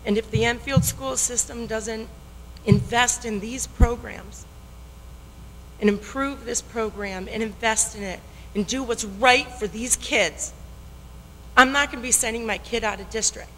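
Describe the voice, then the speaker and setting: A woman's voice: fairly high pitch, a little slow, bright, forceful tone, slight background noise. A woman giving public comment at a town hearing, her voice shaky and weepy, passionate and emphatic, repeating her key points. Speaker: resident speaking at public hearing. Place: town meeting hall. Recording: long reverb in a meeting hall.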